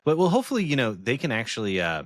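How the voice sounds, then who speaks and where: A man co-hosting a casual podcast, talking with an enthusiastic, excitable manner. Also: medium pitch, rapid-fire, dry recording, clean studio sound. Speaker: podcast co-host.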